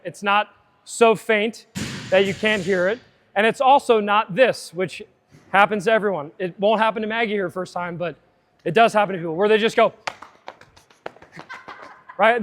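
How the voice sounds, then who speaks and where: A man's voice: high-pitched, moderate pace, fairly bright tone. A man coaching a live fitness seminar, upbeat and chatty, drifting into side tangents.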